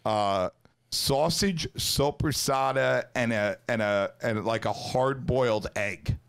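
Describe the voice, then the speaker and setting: A man's voice: mid-range voice, takes it slowly, creaky, a bit bright, clear, resonant tone. Profane, rambling man in casual chat. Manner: loose, profane storytelling with many restarts.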